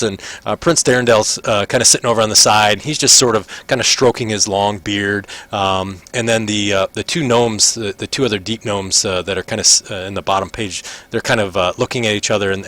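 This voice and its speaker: A man running a tabletop game, narrating the scene in a casual, filler-heavy way. His voice sits fairly low but sounds bright and forceful. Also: fairly even intonation, a little fast. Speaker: game master.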